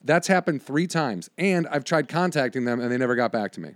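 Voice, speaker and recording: A young adult man in casual chat, telling stories in an animated way, swearing and acting out what people said. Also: medium pitch, a little fast, dry recording, clean studio sound. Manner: animated storyteller, swears, acts out exchanges.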